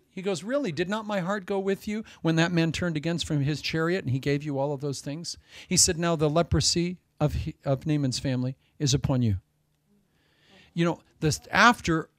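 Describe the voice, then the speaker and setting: A man preaching a Sunday sermon as pastor, swinging between loud emphasis and hushed asides. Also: a little high, dry recording.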